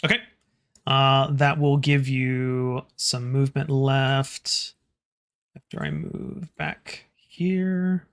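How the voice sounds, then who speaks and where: A game master running a tabletop horror game, halting and restarting phrases while describing the scene and calling for rolls. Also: mid-range voice, fairly even intonation.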